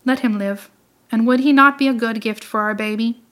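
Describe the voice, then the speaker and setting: A soft-hearted queen pleading gently for a young prisoner, voiced by a woman reading the story. The tone is bright and clear, coaxing rather than forceful. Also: fairly high pitch, steady tone, normal speed, close to an everyday voice. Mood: gentle.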